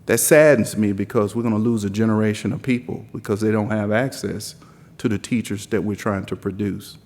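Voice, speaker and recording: A low-pitched man with a softened Southern drawl delivers a rousing opening speech at a lectern. He stacks his points into repetitive, building lists. His voice rings out with the long reverb of a big conference hall. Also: steady tone, brisk. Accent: mild Southern US drawl. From South Carolina. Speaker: conference speaker giving opening remarks. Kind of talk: impassioned keynote speech.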